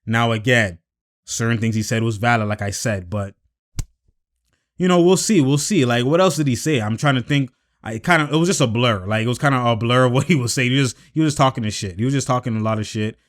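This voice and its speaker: A young man talks straight to his audience in a loose, slang-heavy way, circling back and piling on fillers as he riffs on basketball. His delivery is animated, and he pushes his voice up when he gets fired up. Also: mid-range voice, brisk. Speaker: basketball commentary host. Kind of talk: casual solo commentary.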